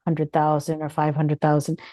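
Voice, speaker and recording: A woman's voice: sits low, moderate pace, no echo, poor audio. A middle-aged woman, a physician guest, telling her story in a casual interview and acting out the voices of the people in it. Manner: animated, acts out quoted voices with laughter.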